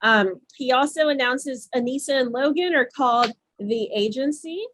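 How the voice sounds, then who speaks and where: High-voiced woman recapping a reality show. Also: a bit bright, a little hiss or hum. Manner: quick play-by-play recap with frequent restarts. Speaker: podcast co-host.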